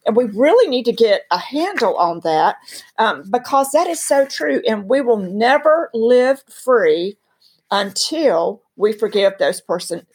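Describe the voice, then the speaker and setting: A woman's voice: fairly high pitch, lively intonation, unhurried, breathy edge. A woman from North Carolina with a Southern accent, a guest teaching about faith in an emphatic, storytelling, preacherly way. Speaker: guest speaker. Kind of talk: earnest faith teaching in conversation.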